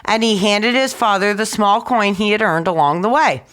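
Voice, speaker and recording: A woman storyteller reading a fairy tale aloud in an expressive, animated way. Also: mid-range voice, normal speed, hardly any pauses, smooth.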